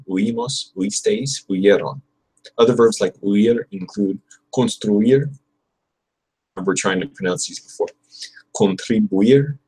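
A young man on a casual livestream, drilling Spanish verb conjugations aloud and answering viewers between attempts. His voice is a little low and husky. He takes his time, repeating the tricky words slowly. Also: warm tone, poor audio. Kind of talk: casual livestream study session.

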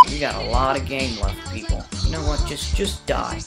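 A let's-play gamer giving casual commentary to viewers, swearing heavily, with loud angry outbursts and sarcastic asides. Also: mid-range voice, lively intonation, normal speed, gravelly, few pauses, loud music behind the voice.

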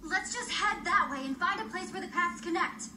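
A woman's voice: extremely high pitch, moderate pace, pushed and bright, slight background noise, exaggerated voice. A woman voicing a bold young adventurer who leads her friends in a story game. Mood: urging. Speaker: game character. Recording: game audio heard from far off.

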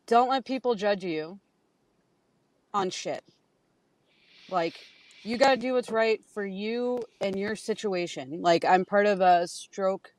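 A woman's voice: mid-range voice, no room sound. A woman who cares for her husband, speaking earnestly and bluntly on a livestream, with some swearing. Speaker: caregiver guest. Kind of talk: casual livestream conversation.

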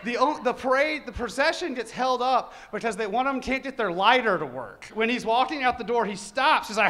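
A man telling a comic true story live on stage, animated, profane and self-mocking. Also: very high voice, fairly quick, hardly any pauses.

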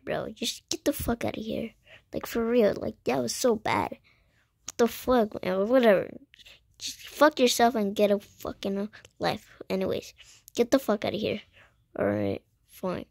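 A woman's voice: mid-range voice, vocal fry, no echo, clean studio sound. A young woman improvising a fan voice-over for cartoon characters, slangy and swearing constantly, often dropping to a whisper. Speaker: amateur voice-over artist.

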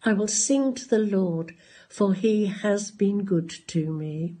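A woman reading scripture aloud in a slow, measured way. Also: medium pitch, mellow. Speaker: Bible reader.

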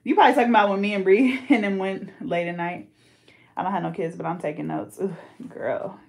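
A woman's voice: mid-range voice, brisk, vocal fry. A young woman from the Bay Area talks in a loose, slangy way on a livestream and reads viewer comments aloud as she works on a client's hair. She is pregnant. Her voice sits in a middle range and bounces around an echoey room. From California, Bay Area. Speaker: hairstylist and livestream host. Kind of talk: casual livestream chat.

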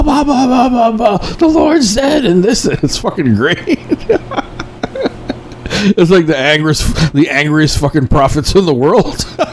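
A man from India giving casual, profane reaction commentary, laughing often and clearly amused. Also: medium pitch, a little mellow, slight background noise. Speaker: commentator reacting to a street video.

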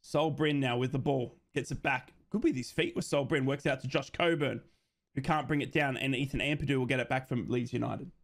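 An Australian man hosting a football watch-along, chatty and excitable as he gives live fan commentary and laughs often. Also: medium pitch, a little fast, creaky.

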